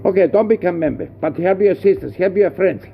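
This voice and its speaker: A man's voice: high voice, animated, a little fast, creaky, slightly rough, highs cut off. A man who heads a workers' association, delivering an angry, scornful rant full of rhetorical questions. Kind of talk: impassioned rant.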